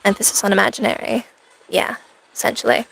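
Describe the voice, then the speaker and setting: A woman's voice: on the high side, fairly even intonation, a little fast, creaky, a bit bright. A woman livestreaming in cosplay at home, chatting with viewers in rambling, sarcastic banter. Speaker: streamer. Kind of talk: in-character cosplay stream chat.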